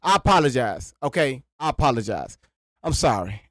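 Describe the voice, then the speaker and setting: Guy doing a live reaction stream, stammers a lot, goes from mumbly to yelling, pitch all over, dry close sound. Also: moderate pace, no echo. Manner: animated, swings from low mutters to loud high exclamations; stammers and repeats words. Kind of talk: casual live-stream commentary.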